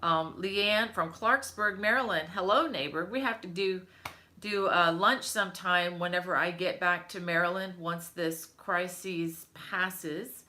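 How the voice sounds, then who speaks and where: A middle-aged woman hosting a crochet live stream from home, chatting with viewers and greeting them by name. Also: fairly low pitch. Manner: chatty, warm greetings to viewers, many fillers. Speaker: crochet channel host. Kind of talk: casual live-stream chat.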